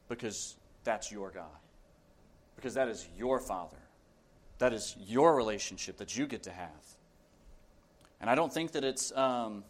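A man delivers a sermon with earnest emphasis. He reads scripture slowly and drives his points home with repeated phrases. His voice sits at an everyday middle pitch. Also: fairly bright tone. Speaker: preacher.

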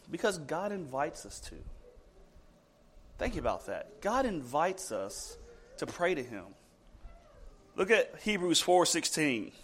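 A man with a high voice gives a sermon in church, repeatedly putting questions to the congregation. His delivery climbs to strong emphasis before settling into slow, hushed passages.

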